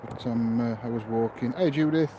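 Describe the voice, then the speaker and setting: A man chats casually as he hosts a live stream outdoors, greeting viewers one by one. His voice sits at a middling pitch. A faint hiss runs under the recording. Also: moderate pace. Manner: chatty, greets viewers by name. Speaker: paranormal investigator streaming live.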